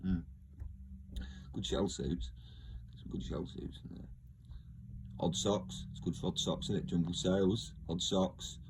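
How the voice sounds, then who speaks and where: A man's voice: low-pitched, steady tone, a little slow, gravelly, long pauses, background noise. A man talking in a casual, rambling monologue, joking, laughing often and trailing off mid-sentence. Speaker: video host.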